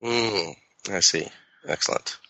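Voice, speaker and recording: A man speaking as a player in a tabletop game, deliberate and questioning. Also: sits low, pushed and bright, no room sound, poor audio.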